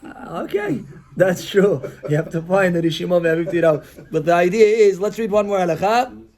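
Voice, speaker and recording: A man's voice: high-pitched, a little fast, a little mellow. A male rabbi giving a Torah class, asking rhetorical questions, acting out little dialogues and mixing Hebrew terms into his English. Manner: mixes Hebrew and Yiddish-style terms into English.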